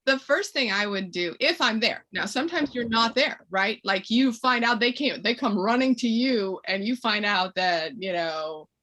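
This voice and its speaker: A woman's voice: medium pitch, expressive, moderate pace, few pauses, sharp tone. A woman on a parenting webinar panel, talking conversationally and acting out little scenes with voices.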